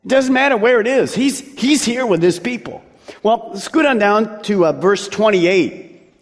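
A man's voice: high voice, expressive, measured pace. A man preaching a sermon as pastor, emphatic and drawing out key words for weight. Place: church sanctuary. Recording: long hall reverb from a church.

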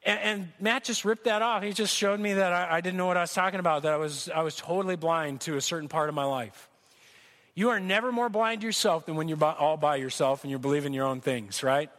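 A man preaching a sermon in church, telling jokey stories in an animated way, with asides to the congregation. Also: on the high side, a little fast. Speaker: pastor. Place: church sanctuary.

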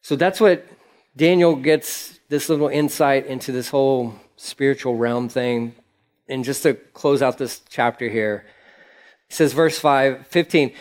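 A man's voice: medium pitch, a little slow. A man preaching a sermon as pastor, in a casual, conversational manner with slangy asides.

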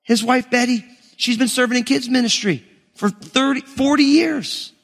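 A pastor in his thirties preaches a sermon in a very high-pitched, slightly bright voice with vocal fry, at a moderate pace. He's emphatic and jokes with the congregation, and the recording has long hall reverb.

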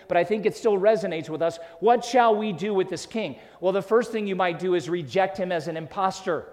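Pastor preaching in a reverberant hall. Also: male voice, high voice. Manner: swells loud on key phrases, drops to hushed tones. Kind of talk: sermon. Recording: long reverb of a large hall.

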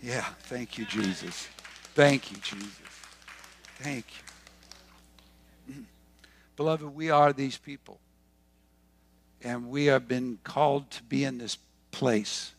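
A man's voice: slow pace, long pauses, slight background noise. A man preaching a sermon as pastor, repeating phrases and swinging his voice up and down for emphasis. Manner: preaching with emphatic repetition and sudden pitch swings.

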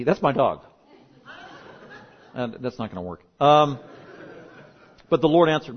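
A man's voice: a little high, very animated, moderate pace, slightly rough. A middle-aged male pastor giving a sermon in an emphatic, conversational way, with joking asides. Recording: dull lo-fi recording.

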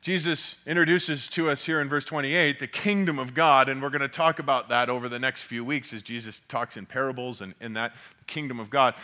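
Bright-voiced man preaching. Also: fairly high pitch. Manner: earnest, repeats words when building a point. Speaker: pastor. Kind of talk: sermon.

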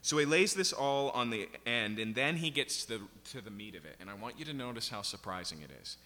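A man preaching a verse-by-verse sermon, his voice piercingly bright and forceful. He presses each point and keeps turning to the congregation with "right?" and "okay?". The sound rings with the long reverb of a large church hall. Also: medium pitch, expressive, a little fast. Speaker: pastor. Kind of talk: expository sermon.

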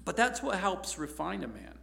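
A man's voice: high voice, very animated, normal speed, creaky, fairly bright tone. A man preaching a sermon in an emphatic way, repeating phrases for stress. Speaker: pastor.

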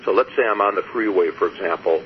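A man, a therapist speaking as an interview guest, reflective and storytelling, with soft laughs and frequent fillers. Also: low voice, fast talker. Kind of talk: conversational interview. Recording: muffled lo-fi audio with faint hiss.

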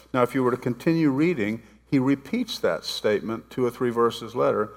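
A man preaches to his congregation, mixing scripture retellings with casual, playful asides. His voice has a gravelly edge. The sound carries a long reverb from a large sanctuary. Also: mid-range voice, brisk, few pauses. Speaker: pastor. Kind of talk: sermon. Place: church sanctuary.

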